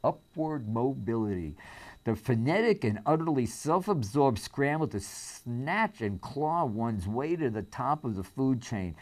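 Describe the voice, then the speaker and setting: A man's voice: medium pitch, expressive, unhurried, few pauses. Man reading aloud with offhand asides. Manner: reads aloud with asides, fillers and restarts. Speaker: host reading aloud and commenting. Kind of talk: casual spoken commentary on a reading.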